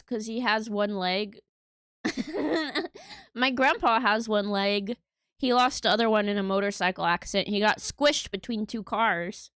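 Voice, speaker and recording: Speaking into a desk mic in her home room, this streamer chats playfully with her viewers and giggles during a casual livestream. Her voice is fairly high-pitched, a bit bright, clear and resonant, captured at studio quality without any room sound.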